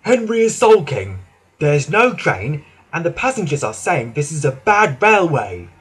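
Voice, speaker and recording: A man's voice: a little high, very animated, measured pace, breathy edge, full character voice. A man voicing a worried, respectful station master in a children's storybook. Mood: urgent. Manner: urgent, respectful.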